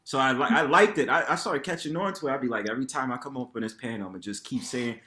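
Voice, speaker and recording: A man's voice: mid-range voice, quick pace. A man with a New York accent chatting casually as a panel guest, acting out voices in his stories and laughing often. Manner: animated storyteller, acts out voices, laughs often. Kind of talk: casual chat.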